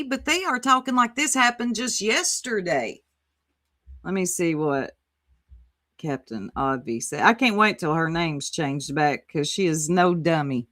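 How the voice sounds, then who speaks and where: A woman's voice: medium pitch, a bit bright. A woman hosting a casual commentary livestream, sassy and exclamatory, reading chat aloud and reacting to a clip. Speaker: livestream host.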